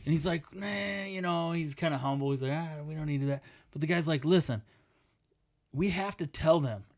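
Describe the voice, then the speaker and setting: Man telling an animated story. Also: a little high, brisk. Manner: animated storyteller, acts out quotes, laughs while talking. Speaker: podcast co-host. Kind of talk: casual podcast chat.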